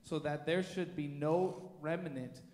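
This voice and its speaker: A man reading scripture aloud in a church with a steady, measured delivery. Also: fairly high pitch, a little hiss or hum. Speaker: scripture reader. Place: church sanctuary. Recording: echoey church hall with long reverb.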